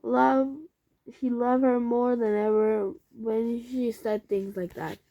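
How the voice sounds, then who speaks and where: Woman, reading a children's storybook aloud, slow pace, higher voice. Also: fairly even intonation, warm tone, dull audio. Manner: slow, careful reading with slips and restarts. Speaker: reader.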